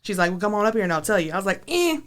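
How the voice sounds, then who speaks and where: A woman's voice: fairly low pitch, rapid-fire, fairly bright tone. A woman, a podcast guest telling a wild story in a blunt, profane, laughing way. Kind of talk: casual storytelling.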